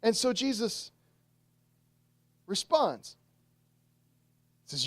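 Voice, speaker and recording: A man, a pastor, preaching a sermon and retelling a story with lively, acted-out voices. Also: sits high, measured pace, pauses often, no room sound, clean studio sound.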